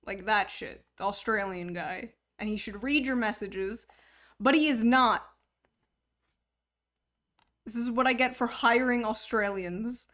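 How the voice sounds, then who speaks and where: A woman's voice: fairly high pitch, measured pace, long pauses, fairly bright tone. Crude, joking young woman streamer. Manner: crude, joking, swears freely. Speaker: livestream host. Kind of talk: casual chat.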